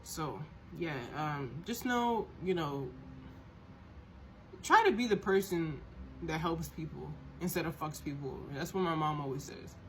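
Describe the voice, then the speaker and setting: A woman's voice: low-pitched, unhurried, a little hiss or hum. A woman hosting a podcast, ranting in a heated, profane monologue and often repeating and restarting words as she gets worked up. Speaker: podcast host.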